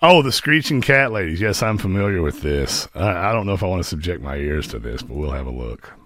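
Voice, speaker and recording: Deep-voiced mocking male streamer. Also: sing-song, brisk, fairly bright tone, slight background noise. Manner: mocking, sarcastic, laughs at own jokes. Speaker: host. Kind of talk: casual live-stream commentary.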